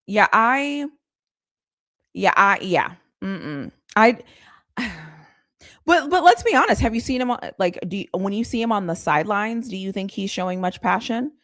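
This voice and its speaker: With lively intonation and a fairly bright tone, a woman speaks at normal speed while hosting a live stream about sports. There's no echo and the studio sound is clean. She chats casually, laughs a lot, and vents her exasperation.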